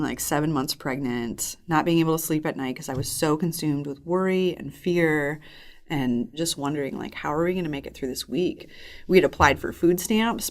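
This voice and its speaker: A woman's voice: sits low, creaky, darkish tone. A woman in her thirties telling a personal faith story in an earnest, reflective way as a podcast guest. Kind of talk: personal testimony in conversation.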